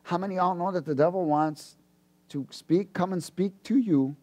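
A man preaching a sermon, animated, jumping from loud bursts to low asides and laughing between points. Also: normal speed.

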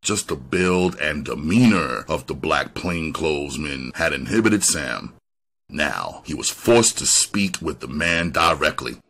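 A man's voice: a bass voice, lively intonation, measured pace, a bit bright, a little hiss or hum. A man reading a crime novel aloud as an audiobook narrator, telling the story expressively. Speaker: audiobook reader.

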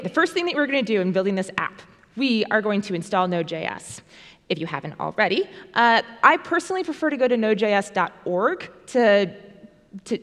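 A woman giving a playful, fast-paced live-coding talk at a conference, speaking into a stage microphone. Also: medium pitch, a bit bright. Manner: fast, playful, self-deprecating. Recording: long reverb of a large hall.

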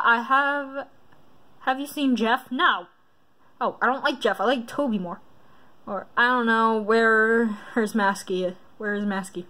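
A woman's voice: on the high side, sharp tone. A woman vlogger in casual commentary, reading quiz questions aloud and rambling through her reactions.

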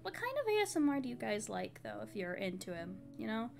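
A tired woman streamer chats sleepily and casually, drawing out her words, laughing softly, and trailing off between thoughts. Her fairly high, creaky voice is very animated, with faint music in the background.

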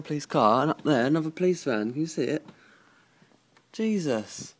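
A man's voice: moderate pace, pauses often. A man vlogging casually from his phone at home, gossiping about his neighbours with lots of energy. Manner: animated, mimics neighbours in shrill shouts and whispers. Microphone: phone camera held by hand.

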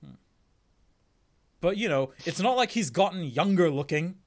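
A man hosting a casual game stream, joking with his guest and dropping into quiet mumbled asides. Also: a little high, lively intonation, moderate pace. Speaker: streamer host.

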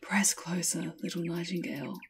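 A rose tree speaks in an urgent, breathy hush, pleading with the little bird to press on, as a woman storyteller voices it. The tone is low and husky, soft and mellow, like a fairy tale told aloud. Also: little pitch movement, fairly quick. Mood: urgent whisper. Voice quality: breathy whisper.

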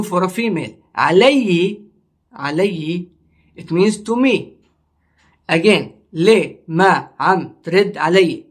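High-voiced man teaching a language slowly. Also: breathy edge. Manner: slow, repetitive explaining, drawing out words. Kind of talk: online language lesson.

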